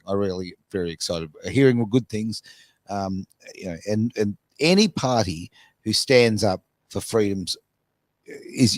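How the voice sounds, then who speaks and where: A man with an Australian accent hosting a casual radio chat, animated and quick to laugh. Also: on the low side, no room sound. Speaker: radio show host.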